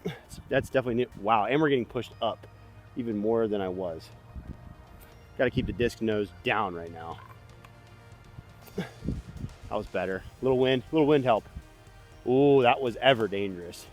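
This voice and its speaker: Male disc golf vlogger, mid-pitch, a bit winded, quick reactions to each throw, faint music underneath. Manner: excitable, self-critical, talks to himself between throws. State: a bit out of breath. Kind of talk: casual running commentary while playing. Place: outdoors on a disc golf course.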